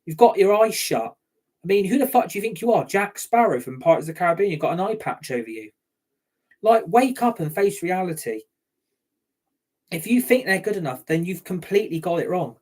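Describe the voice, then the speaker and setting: A man's voice: sits high, very animated, brisk, darkish tone. A man giving an angry, heated rant as a football fan, swearing freely. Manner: heated, ranting, heavy swearing. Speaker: football fan channel host.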